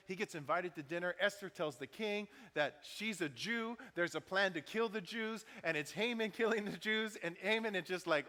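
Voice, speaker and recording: A man's voice: sits high, moderate pace, few pauses, pushed and bright. A man preaching a sermon as pastor, talking conversationally and acting out what people said. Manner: conversational preaching with acted-out quotes. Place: church sanctuary. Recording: church hall reverb.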